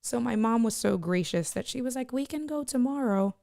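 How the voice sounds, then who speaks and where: A woman's voice: fairly high pitch, lively intonation, moderate pace, creaky, mellow, no echo, studio quality. A woman live-streaming, chatting casually and joking with her viewers as she reads their comments.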